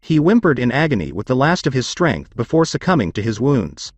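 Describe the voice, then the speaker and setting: A man narrating a scripted story in a steady storytelling read. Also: mid-range voice, a little fast, slightly rough, dry recording, soft background music.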